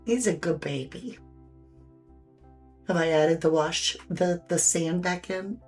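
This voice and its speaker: A woman's voice: fairly low pitch, takes it slowly, a little mellow, breathy edge. A woman hosting a live painting stream, chatting casually, reading viewer comments aloud and fussing over her dogs. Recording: faint background music.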